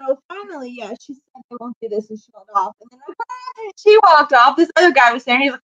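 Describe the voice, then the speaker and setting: A woman's voice: sits high, big pitch swings, brisk, bright, forceful tone, dull audio. A woman in casual chat, recounting a story and filling in details.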